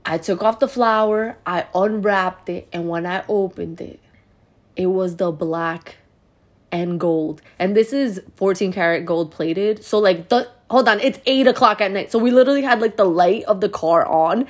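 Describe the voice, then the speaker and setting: A young woman from New Jersey telling a story in a chatty, animated way, with lots of "like". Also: mid-range voice, moderate pace. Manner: chatty, animated, heavy use of "like". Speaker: vlogger. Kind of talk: storytime vlog.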